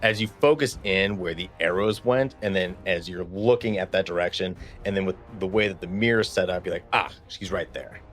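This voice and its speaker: A man narrating and running a tabletop game as game master, relaxed and descriptive. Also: deep voice, brisk, few pauses.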